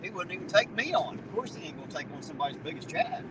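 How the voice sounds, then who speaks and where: A man with a Southern twang, chatting casually and profanely with his livestream viewers as he drives on the highway. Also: wildly swooping pitch, very fast. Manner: folksy, profane, joking with chat. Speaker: livestream host. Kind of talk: casual livestream chat while driving. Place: inside a car on the highway. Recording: loud road noise, mic off at a distance.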